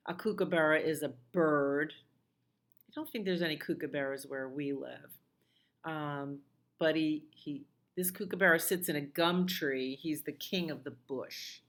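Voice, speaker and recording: A woman's voice: low-pitched, a bit bright. A middle-aged woman, a children's librarian, reading a picture book aloud and singing songs, with chatty asides to the listening children. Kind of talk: storytime read-aloud and singing.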